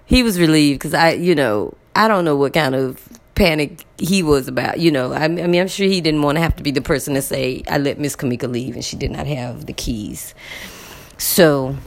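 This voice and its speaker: A woman telling a personal story to her viewers in a casual, animated way, repeating words for emphasis. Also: sits low. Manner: addresses viewers directly.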